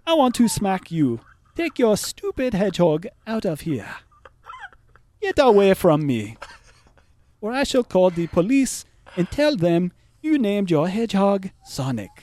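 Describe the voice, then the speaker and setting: A man voicing an angry man who shouts threats in an exaggerated put-on foreign accent. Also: high voice, very animated, a little slow, voice pushed up.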